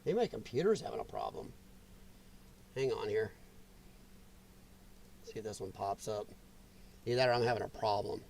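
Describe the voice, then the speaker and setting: A man's voice: on the low side, lively intonation, moderate pace, pauses often, darkish tone, a little hiss or hum. A man hosting a political commentary livestream, ranting with strong opinions and reacting to viewer chat. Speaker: host.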